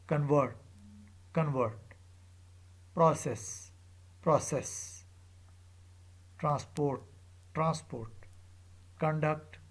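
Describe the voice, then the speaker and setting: Slow gravelly male teacher. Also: fairly high pitch. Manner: slow and deliberate, spelling out letters one by one; frequent filler pauses. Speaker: English teacher. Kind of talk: recorded lecture.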